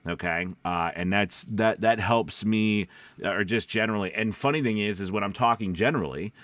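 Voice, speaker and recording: A man, a voice-over actor, giving casual advice that drifts off topic and back, speaking low from the back of his throat. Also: moderate pace, a bit bright, dry recording. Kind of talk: casual advice talk to camera. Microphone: studio microphone.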